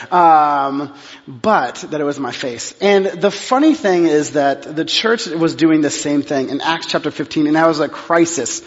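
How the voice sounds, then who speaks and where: A middle-aged male pastor preaching a sermon in a church, telling a story in an animated way and acting out both sides of the exchange. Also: fairly high pitch. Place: church sanctuary. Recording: dull sound with long hall reverb.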